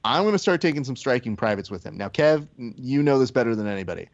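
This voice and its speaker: A man's voice: mid-range voice, expressive, quick pace, muffled recording. A man hosting a casual podcast chat, telling stories animatedly and swearing freely. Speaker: podcast host.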